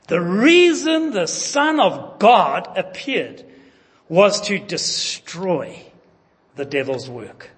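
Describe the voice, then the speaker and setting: A man's voice: high voice, sing-song, slow pace, a bit bright. A man preaching a sermon, emphatic and putting questions to his congregation. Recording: long reverb of a large hall.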